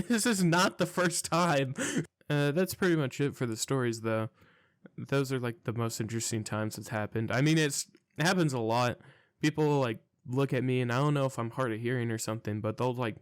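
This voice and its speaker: A man's voice: mid-range voice, clear, resonant tone, no room sound, clean studio sound. A young man telling a rambling, profane story in a casual vlog monologue, sounding incredulous. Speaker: storytelling vlogger.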